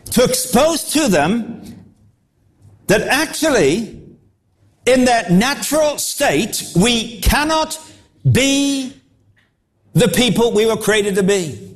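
A man with a high voice delivers a sermon. He preaches with animation and slips into the voices of the people he quotes. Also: expressive, measured pace.

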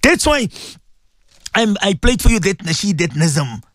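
Man, radio preacher, lively swooping high voice, dry close sound, fervent. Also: a little slow, dry recording. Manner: fervent, repetitive, calls out to listeners. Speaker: radio religious teacher. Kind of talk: impassioned radio sermon.

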